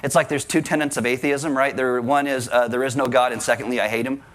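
A male pastor preaching a sermon in an animated way, with joking asides and acted-out quotes. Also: medium pitch, fast.

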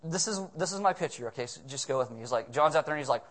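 A man preaching a comedic sermon as pastor, animated and full of casual asides and jokes. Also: on the high side, very fast.

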